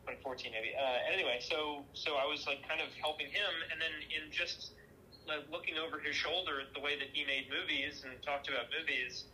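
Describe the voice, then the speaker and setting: A man's voice: fairly high pitch, fairly even intonation, a little fast, bright, forceful tone, a little hiss or hum, rough recording. A man being interviewed about his film work, telling stories in a chatty, self-deprecating way and laughing easily. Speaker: film director and producer, guest. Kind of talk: casual interview chat.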